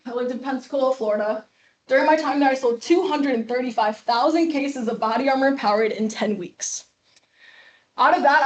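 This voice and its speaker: A woman in her twenties from Chicago, a guest speaker telling a class her story, lively and acting out the people she quotes. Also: high voice. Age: 20s. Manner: lively, acts out quoted dialogue.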